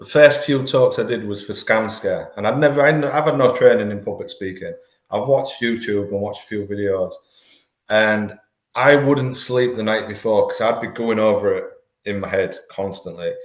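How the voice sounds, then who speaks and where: An earnest man in his 40s with a low voice, a life coach guesting on a podcast, talks in a candid conversational interview. He tends to repeat words when restarting his thoughts, and the sound is roomy with echo.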